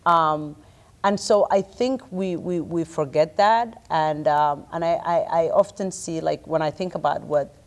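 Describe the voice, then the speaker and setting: A woman with a low-pitched voice speaks passionately on a community panel. She stumbles and restarts often and fills pauses with "um" and "you know". Her delivery is earnest and searching. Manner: impassioned, halting with many restarts and fillers.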